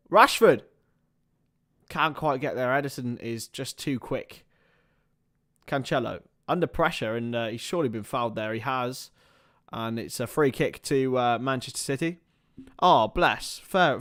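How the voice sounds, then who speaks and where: A man hosting a live football watchalong stream, swinging between excitable play-by-play and chatty asides with casual swearing. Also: mid-range voice, moderate pace. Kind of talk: casual live match commentary.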